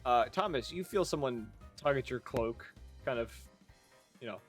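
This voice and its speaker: A man's voice: mid-range voice, lively intonation, moderate pace, faint music behind. A man narrating a tabletop game as game master, in a loose, rambling way with many fillers.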